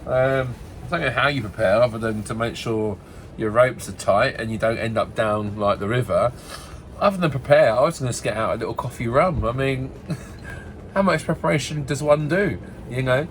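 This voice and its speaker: A man's voice: medium pitch, moderate pace, slight background noise. A British man chatting casually to camera in a cheeky way, laughing often and swearing mildly as he vlogs about life on his boat. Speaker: narrowboat vlogger. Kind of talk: casual vlog chat.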